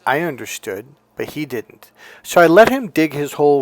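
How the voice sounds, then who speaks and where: Blunt, animated male dating coach. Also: fairly high pitch, normal speed, no room sound, faint music behind. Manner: blunt, swears, shouts his punchlines. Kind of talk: animated storytelling lecture.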